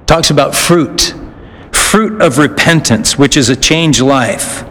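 Slow, earnest male preacher in an echoey hall. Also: a little high, lively intonation, a bit bright. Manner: earnest, with frequent "uh" pauses and restarts. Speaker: pastor. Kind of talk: sermon. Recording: echoey hall, faint noise.

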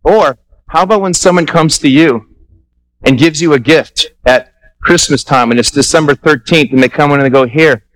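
A man pastor preaching a Sunday sermon, animated, acting out little dialogues and repeating himself for emphasis. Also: fairly high pitch, moderate pace, low-quality recording. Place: church sanctuary.

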